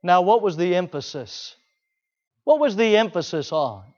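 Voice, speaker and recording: Male preacher, high-pitched, emphatic and repetitive, muffled lo-fi recording. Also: big pitch swings, normal speed. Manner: emphatic, repeats key phrases, swings between loud and hushed. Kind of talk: sermon. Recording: dull lo-fi recording.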